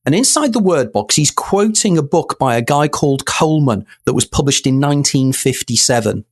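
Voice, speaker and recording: A man's voice: on the high side, expressive, a little fast. A man, a guest in an interview, telling a story with animation and acting out quoted dialogue. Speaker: guest author.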